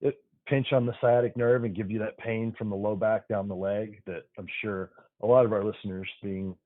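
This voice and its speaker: A man's voice: fairly low pitch, fairly even intonation, normal speed, no echo. A man who works as an emergency physician, a guest on a podcast, upbeat and explaining things plainly. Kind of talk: casual podcast interview. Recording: dry, phone-like remote line.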